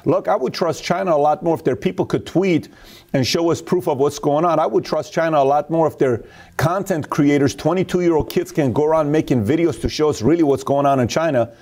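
A man's voice: on the high side, brisk, darkish tone. A man talking in an emphatic, opinionated way, telling stories with quotes. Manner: emphatic, storytelling with acted quotes. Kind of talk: opinionated casual talk.

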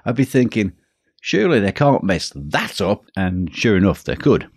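Deep husky-voiced male podcast teacher. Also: sing-song, dry recording, studio quality. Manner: measured, slows down for emphasis. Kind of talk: scripted podcast talk.

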